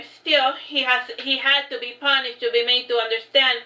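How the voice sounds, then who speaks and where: A woman's voice: sits high, level tone, moderate pace, bright, forceful tone. A woman reading her own story aloud, stumbling and restarting lines as she goes. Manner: unpolished reading with frequent restarts and fillers. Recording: echoey, dull lo-fi livestream audio.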